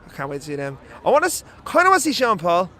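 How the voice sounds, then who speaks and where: An Irish man talking very fast, his voice sitting a little on the high side. He is wired from a show that has just ended. He is cheeky, swears freely and laughs a lot, and he is being interviewed out of doors at a festival. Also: wildly swooping pitch, sharp tone. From Ireland. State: buzzing after a gig. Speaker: musician guest. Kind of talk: casual interview chat. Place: outdoors at a festival.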